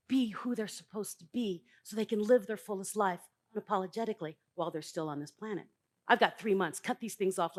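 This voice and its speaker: A middle-aged woman giving a live motivational talk on a conference stage, blunt and emphatic, jumping from loud bursts to quiet asides. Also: mid-range voice. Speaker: conference speaker.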